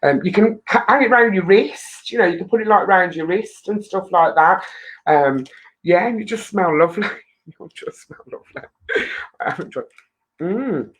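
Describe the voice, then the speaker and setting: A woman's voice: mid-range voice, moderate pace, slightly rough, rough recording. A woman hosting a charity live stream, chatting loosely to viewers, rambling and laughing often into her webcam.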